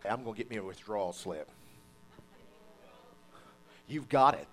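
A man's voice: lowish voice, measured pace, faint music behind. A man preaching a sermon, calling on the congregation to repeat after him and acting out quoted voices. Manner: animated preaching with call-and-response and mock quotes.

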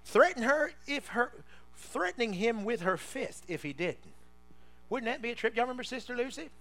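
A pastor preaches a sermon, leading his congregation in call-and-response with constant "somebody say" prompts. He is playful and quick to laugh, swinging widely in pitch as he shifts between shouting and low, intense passages.

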